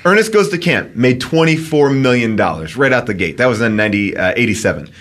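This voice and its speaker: A man's voice: medium pitch, lively intonation, a little fast, a bit bright. A man on a casual podcast, playfully quizzing his co-hosts with facts. His voice sits mid-range and moves expressively. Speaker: podcast co-host. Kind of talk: casual chat.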